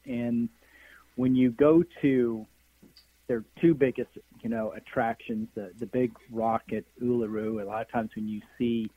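Excited guy calling in, phone line sound, lots of you knows. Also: medium pitch, no echo. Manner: enthusiastic, filler-heavy, trailing phrasing. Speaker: guest, energy healer. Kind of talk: phone-in interview. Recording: tinny phone line, dry.

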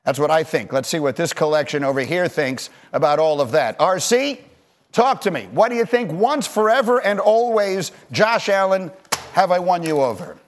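A man's voice: on the high side, animated, normal speed. A man hosting a sports talk show, leading the debate and countering points emphatically. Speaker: host.

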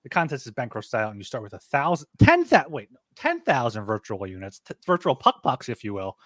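Chatty co-host, lively pitch swings, dry close sound. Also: male voice, brisk, no echo. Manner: chatty, joking, lively promo delivery. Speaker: podcast co-host. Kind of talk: casual podcast chat and ad reads.

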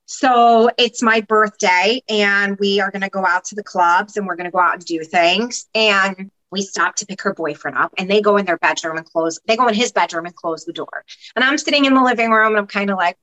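Woman guest, mid-range pitch, bright and forceful tone; casual, animated storyteller who swears freely. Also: a little fast, rough recording. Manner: animated, acts out voices of others, swears casually. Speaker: podcast guest. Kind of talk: candid personal storytelling.

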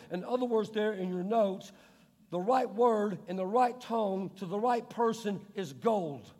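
A male pastor preaching a sermon in a church hall, emphatic, asking rhetorical questions and slowing down to stress key words. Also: high voice, darkish tone. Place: large church hall with screen. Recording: long hall reverb.

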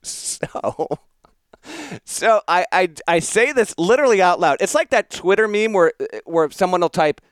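A man's voice: high-pitched, unhurried, smooth, dry recording. A man co-hosting a podcast, telling a story about himself in casual chat, self-mocking and laughing at his own antics. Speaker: podcast co-host.

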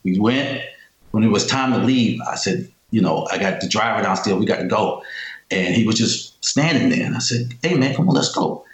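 A man's voice: lowish voice, normal speed, reverberant, rough recording. A man telling stories as a guest in a casual interview, emphatic and repeating himself as he talks.

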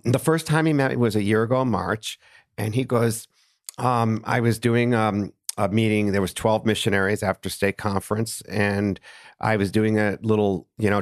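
A man's voice: lowish voice, no room sound, studio quality. A man as a podcast guest, telling stories animatedly with many fillers and restarts. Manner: animated, lots of fillers and restarts, laughing storyteller. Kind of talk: casual interview storytelling.

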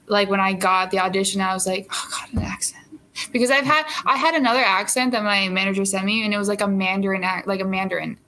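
A young actress as an interview guest, chatting casually with lots of fillers and frequent laughter. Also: female voice, medium pitch, steady tone, fast talker, few pauses, pushed and bright.

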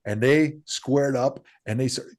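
Animated male podcast storyteller. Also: medium pitch, unhurried. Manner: animated storyteller, swings his voice up for quoted lines. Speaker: podcast co-host. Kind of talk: casual storytelling.

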